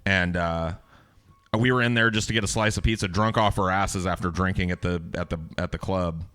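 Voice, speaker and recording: Bright-voiced man telling a rambling story. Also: deep voice, a little fast, clean tone. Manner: profane, animated storyteller acting out quotes. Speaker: podcast host. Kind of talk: casual storytelling chat.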